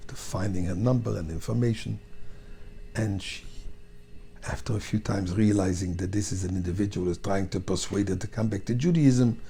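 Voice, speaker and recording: Gravelly dramatic storytelling rabbi. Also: male voice, on the low side. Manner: dramatic storyteller, acts out dialogue, drops to whispers then builds to loud pleading. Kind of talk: storytelling sermon.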